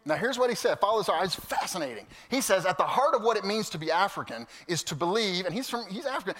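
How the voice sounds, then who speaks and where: A man preaching a sermon to his congregation, animated and storytelling, swinging from loud to hushed. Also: high voice, fast talker, hardly any pauses. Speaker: pastor. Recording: long hall reverb.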